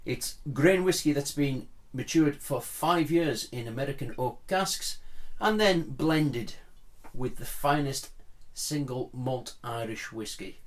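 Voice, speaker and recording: A man's voice: medium pitch, unhurried, hardly any pauses. Guy at home doing a whisky review, chatty and rambly, keeps going off topic and laughing at himself. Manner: chatty, rambling, digressive, self-deprecating. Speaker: whisky vlogger reviewing a dram. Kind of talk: casual home review chat. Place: at home, indoors, blinds closed.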